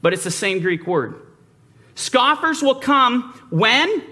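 High, bright-voiced male preacher. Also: big pitch swings, slow. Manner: emphatic, rhetorical questions, mimicking doubters. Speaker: Bible teacher. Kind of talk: sermon.

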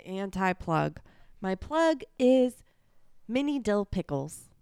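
A woman co-hosting a casual podcast, sick and tired, giving short deadpan replies. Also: medium pitch, takes it slowly, smooth, no room sound, clean studio sound. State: sick and tired, rough-voiced. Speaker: podcast co-host. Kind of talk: casual chat.

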